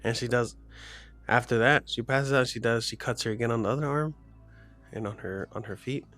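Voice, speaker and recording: A man's voice: mid-range voice, a little fast, a bit bright, faint music behind. Rambling man retelling a horror story. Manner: rambling, full of "like" fillers and restarts.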